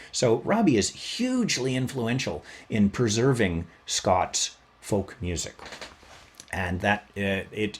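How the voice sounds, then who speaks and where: A man hosting a podcast, telling a history story in a casual, chatty way and playing it up for fun. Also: fairly low pitch. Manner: animated, chatty, plays up the story. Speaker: podcast host.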